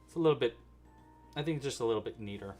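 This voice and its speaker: A man's voice: medium pitch, animated, very fast, darkish tone, faint music behind. A man hosting a casual crochet-along livestream, chatty and thinking aloud as he works.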